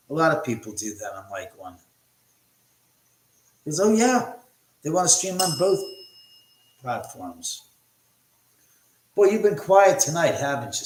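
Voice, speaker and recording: Chatty joking man in an echoey room. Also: mid-range voice. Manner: chatty and joking, cursing freely. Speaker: livestream host. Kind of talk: casual livestream chat, reading viewer comments. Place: room in his house. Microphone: phone.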